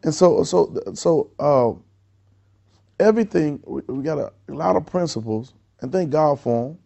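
A man preaching a sermon, calling on the congregation to answer back and building to loud, emphatic peaks. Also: on the high side, lively intonation, normal speed, vocal fry. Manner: exhorting, calls for congregation responses.

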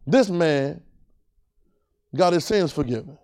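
A man's voice: a little high, a little fast, a little mellow. Dynamic call-and-response preacher man. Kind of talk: sermon.

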